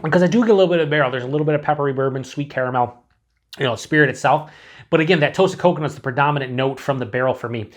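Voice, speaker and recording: A man's voice: a little high, racing. A man casually reviewing beer for his channel, chatty and rambling, with frequent swearing and filler words. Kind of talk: casual tasting review to camera.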